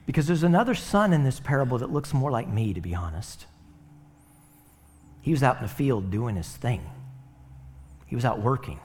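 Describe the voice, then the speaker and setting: A man's voice: mid-range voice, expressive, moderate pace, pauses often, darkish tone. Conversational male preacher. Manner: conversational preaching with rhetorical asides. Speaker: pastor. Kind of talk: sermon.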